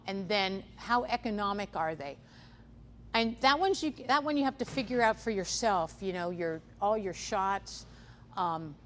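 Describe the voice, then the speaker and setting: Her voice lowish, a woman delivers a seminar on livestock guarding dogs and predators in an echoing conference hall where faint background noise is audible. She speaks in a relaxed, conversational way, frequently saying "um" and restarting.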